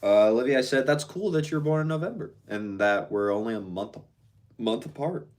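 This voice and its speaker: A man's voice: mid-range voice, lively intonation, brisk, darkish tone. A man casually chatting on a live stream, reading out viewer comments and answering them in a laid-back, slangy way.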